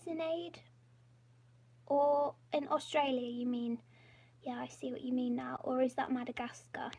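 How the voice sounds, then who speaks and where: A woman's voice: high voice, a little mellow. A woman live-streaming from her home office, chatting in a rambling, self-deprecating way, often dropping to a half-whisper. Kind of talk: casual live-stream chat.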